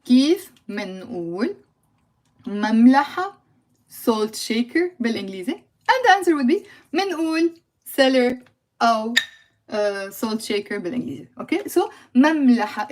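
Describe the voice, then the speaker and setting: A woman's voice: fairly high pitch, very animated, a little fast, a little mellow. A woman with a Lebanese accent teaching Arabic words on a live stream, playful, laughing and chatting with viewers. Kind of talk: live-streamed language lesson. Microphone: phone or computer mic on a livestream.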